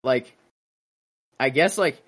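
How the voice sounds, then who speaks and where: A man's voice: mid-range voice, slow, a bit bright, breathy edge. A man hosting a casual podcast chat, rambling with many fillers and restarts. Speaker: podcast host.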